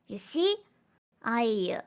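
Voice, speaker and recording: A woman's voice: a little high, big pitch swings, slow pace, smooth. A woman streamer talking casually in a collab chat, chaotic and dramatic, swearing often. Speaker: VTuber streamer.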